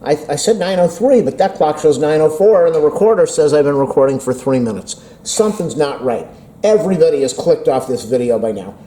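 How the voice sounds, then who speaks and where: Talking to himself as much as the camera, this man rambles self-deprecatingly about a phone update in a casual tech vlog. His voice runs on the high side with a dark tone, captured roughly by a camera mic across an indoor room.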